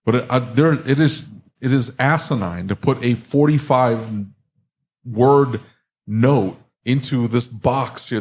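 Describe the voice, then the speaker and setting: A man who owns an auto repair shop, trading sarcastic banter on a live podcast. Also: mid-range voice. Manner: animated, sarcastic, acts out customer calls.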